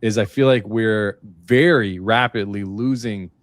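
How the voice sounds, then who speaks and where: A man co-hosting a casual political talk, earnest and halting, often restarting his sentences. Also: lowish voice, dry recording.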